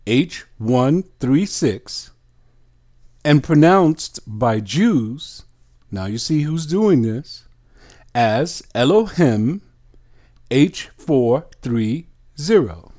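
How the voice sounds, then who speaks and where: A man preaches a sermon in a warm, sing-song voice of medium pitch. He reads scripture aloud and puts pointed questions to his listeners, teaching slowly and emphatically.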